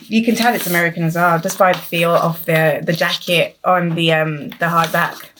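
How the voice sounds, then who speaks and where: A young woman talks her way through a pile of new books at home, full of ums, half-finished phrases and quick corrections. Her voice sits in an ordinary middle pitch, with a faint hiss of noise behind it. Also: fairly bright tone. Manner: chatty, trailing off with frequent ums and self-corrections. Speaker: book vlogger. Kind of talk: casual unboxing vlog.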